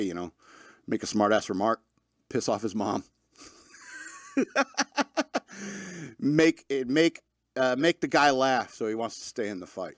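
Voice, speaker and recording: A man in his thirties rambles through a casual podcast monologue. He jokes and laughs often and fills his talk with fillers. His voice sits at a middle pitch and is recorded dry and close. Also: no room sound. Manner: loose, joking, laughs often, many fillers. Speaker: podcast host.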